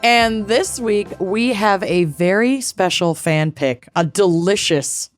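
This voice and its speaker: A woman's voice: mid-range voice, takes it slowly, faint music behind. A woman co-hosting a podcast in casual chat, talkative and blunt, swearing freely. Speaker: podcast co-host.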